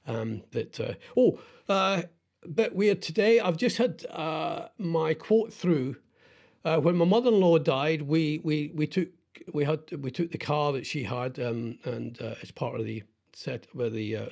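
A middle-aged man hosting a radio show, rambling in casual chat with lots of halting restarts and self-deprecating asides. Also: medium pitch, vocal fry, a little mellow. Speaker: radio host.

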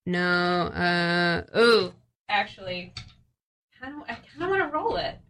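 Bright-voiced woman game master. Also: lowish voice, very animated, takes it slowly. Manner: casual, giggly, full of fillers. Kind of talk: narrating a tabletop game.

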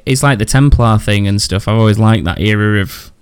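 A man's voice: fairly low pitch, brisk, clear, resonant tone, no room sound. A man hosting a podcast in casual chat, rambling and often correcting himself. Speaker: podcast host.

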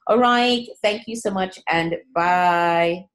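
A woman's voice: on the low side, slow pace. A woman hosting a business podcast, encouraging her guest and listeners in a chatty way with fillers. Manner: warm encouraging, rambling with fillers. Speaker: podcast host. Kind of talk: podcast interview and outro.

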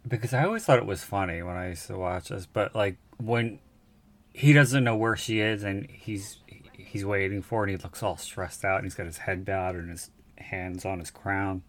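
A man talking loosely through a film on a podcast, rambling and circling back on himself. His voice is bright and forceful and sits a little low. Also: moderate pace. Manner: chatty, rambling with many fillers and self-corrections. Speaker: podcast co-host. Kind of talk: casual film podcast chat.

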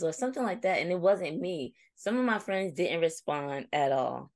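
A woman's voice: fairly low pitch, normal speed, few pauses, dry recording. A young adult woman co-hosting a casual chat, telling a reflective story and acting out her friends' replies. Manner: reflective, storytelling, animated when quoting friends. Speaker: co-host.

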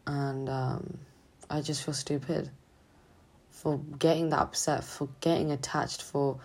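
A young woman student talking haltingly and hesitantly in a confessional vlog, sounding drained and low on energy. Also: animated, vocal fry, breathy edge. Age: young adult. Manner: halting, hesitant, full of restarts. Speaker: student vlogger.

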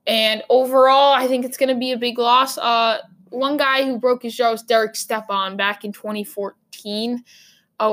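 A woman hosts a casual sports talk segment. Her voice sits a bit high for a woman. She rambles and thinks out loud, full of fillers and self-corrections. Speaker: sports podcast host.

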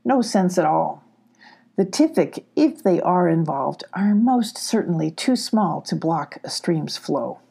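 A kindly old mother owl from a storybook, thoughtful and soft-spoken, as a woman puts her on. Her voice is mellow and a little husky. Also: lowish voice, very animated, a little slow, heavily acted.

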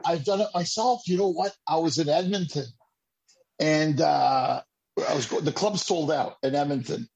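A man casually telling an animated story in a chat, acting out the people he quotes. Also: fairly high pitch, moderate pace, creaky, slightly rough, lo-fi sound. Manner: animated, acts out quoted voices, repeats himself. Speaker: comedian hosting a chat.

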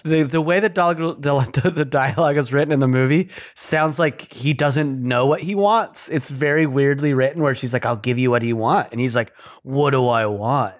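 Enthusiastic young man chatting casually. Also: mid-range voice. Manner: enthusiastic, laughs often. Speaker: podcast co-host. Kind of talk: casual chat.

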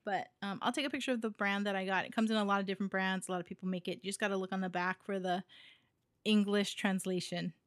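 A woman's voice: medium pitch, fairly even intonation, quick pace, no room sound, studio quality. A woman from Hawaii co-hosting a podcast in a casual, giggly chat full of fillers. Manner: chatty, giggly, with many fillers. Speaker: podcast co-host.

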